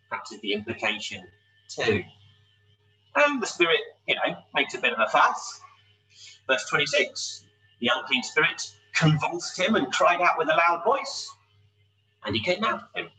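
Bright-voiced preacher, a bit off-mic. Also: male voice, medium pitch, animated, moderate pace, far from the mic, poor audio. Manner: expository, rhetorical tag questions. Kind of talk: sermon. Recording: voice a little off-mic, faint hum.

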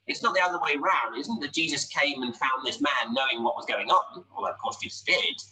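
Male preacher, bright, slightly high voice, chatty sermon full of rhetorical questions, mic set back with faint noise. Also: far from the mic, low-quality recording. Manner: conversational, asks rhetorical questions; pausing, lively emphasis.

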